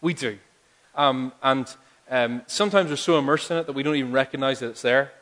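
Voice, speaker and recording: A man's voice: medium pitch, fairly quick, a bit bright. A male pastor preaching a sermon, talking conversationally and building to emphatic appeals. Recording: long hall reverb.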